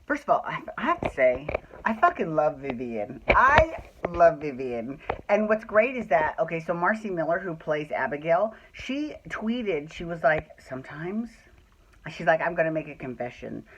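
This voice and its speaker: A woman's voice: deep voice, sing-song, normal speed, few pauses, muffled recording, slight background noise. A woman hosting a soap opera recap podcast, chatting casually at home, swearing freely and ranting with exasperation. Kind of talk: casual venting chat. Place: at home indoors.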